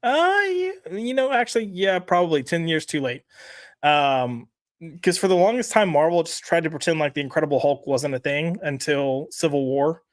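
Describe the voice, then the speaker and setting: A man's voice: on the high side, animated, normal speed, no echo. Chatty man with a dry close mic. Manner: chatty, rambling, lots of fillers. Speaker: podcast co-host. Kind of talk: casual chat reading live chat comments.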